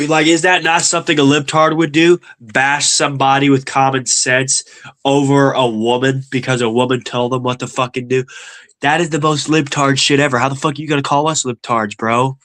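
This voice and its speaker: A man's voice: mid-range voice, fairly even intonation, normal speed, fairly bright tone. A young man with a nasal voice hosting a stream, ranting angrily about politics and swearing constantly. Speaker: stream host. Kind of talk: profane political rant.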